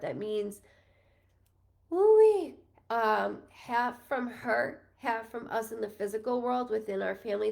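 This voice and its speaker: This New York woman in her thirties speaks at a medium pitch with a creaky quality. Working as a psychic medium, she offers a live-streamed reading that is talkative, rambling, emotional and full of apologies.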